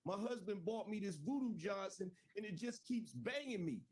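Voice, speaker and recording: A frantic, pleading woman driver, as a man puts her on in a raised falsetto-like pitch. She begs in a strained, high voice while the teller keeps the joke rolling. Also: animated, normal speed, a little mellow, recorded from a distance.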